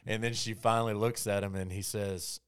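Low-voiced man, smooth and close-miked, reflective podcast co-host. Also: flat delivery, no room sound. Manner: reflective, halting with restarts. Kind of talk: casual conversational storytelling.

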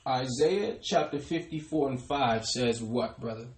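A man preaching a sermon, often calling his listeners "brothers and sisters" with phrase endings that trail off softly. He slows down to press home key words. His voice sits at a middle pitch, and the room has a noticeable echo. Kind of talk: sermon with scripture call-and-response.

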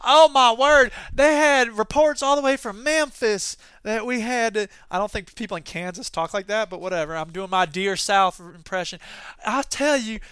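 A man's voice: high voice, moderate pace, a bit bright, clean tone, no echo. A man putting on a Southern US accent to play a fussy, easily flustered Southern landowner, drawling in an exaggerated folksy way. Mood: fretful.

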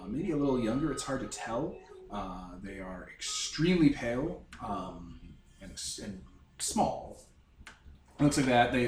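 A man narrating as game master of a tabletop game, rambling and searching for words. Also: mid-range voice. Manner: rambling, full of fillers and restarts. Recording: roomy, distant mic with faint music.

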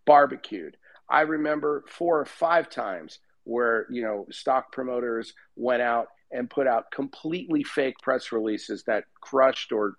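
Sex: man. Role: panel guest. Style: casual discussion. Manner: rambling, emphatic, filler-heavy. Pitch: average. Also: no room sound. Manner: rambling, emphatic, full of "you know" and "I mean".

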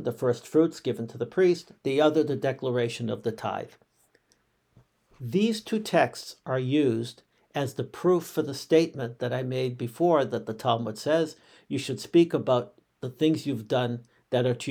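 Brief: male teacher, mid-pitched, calm and explanatory, restarts phrases as he reasons through a text lesson. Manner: measured, explanatory, repeats phrases with small restarts.

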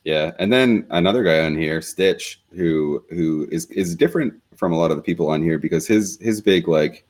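A man's voice: low voice, moderate pace, hardly any pauses, darkish tone. A man hosting a casual podcast chat, rambling loosely with lots of fillers. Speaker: podcast host.

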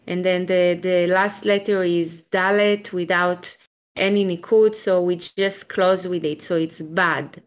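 A woman leads a Hebrew class on a video call. Her voice sits a little low and she speaks slowly and patiently. She sounds out each letter step by step and praises her students' answers. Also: fairly even intonation. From Israel. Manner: patient, encouraging, explains step by step with restarts. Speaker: Hebrew teacher. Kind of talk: live online language class.

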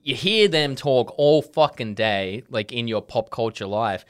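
A man's voice: mid-range voice, lively intonation, measured pace, smooth. A British man co-hosting a podcast, telling jokey anecdotes in casual chat with frequent swearing. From Britain.

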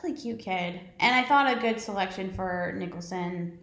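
A woman co-hosting a podcast chats casually and rambles about movies, swearing now and then. Her mid-range voice is fairly bright and moves at a moderate pace, with a roomy echo on the recording.

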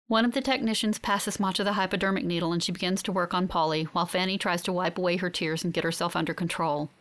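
A woman giving steady, reflective first-person audiobook narration. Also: on the low side, fast talker, few pauses.

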